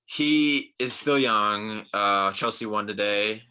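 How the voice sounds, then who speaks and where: Crude joking man, bright tense voice. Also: lowish voice, slow, clean tone. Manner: crude joking, loud shouted bursts. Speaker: podcast host. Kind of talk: casual chat.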